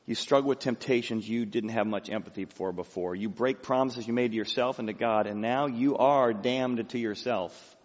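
A man's voice: mid-range voice, normal speed, few pauses, in a large hall, highs cut off. A man from Illinois preaching a verse-by-verse sermon with dramatic storytelling. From Illinois, USA. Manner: dramatic storytelling, lively voice work. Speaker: pastor. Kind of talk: expository sermon.

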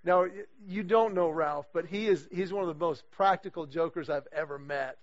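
High-voiced animated male preacher. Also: normal speed. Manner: animated storyteller, acts out quoted voices. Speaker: guest speaker leading a men's series. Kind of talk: storytelling sermon talk. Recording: dull lo-fi recording.

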